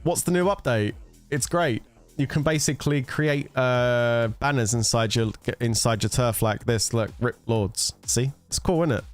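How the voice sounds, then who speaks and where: A man's voice: mid-range voice, moderate pace, soft background music. A man chatting casually with viewers on a gaming livestream, teasing and bantering with some swearing. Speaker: gaming streamer.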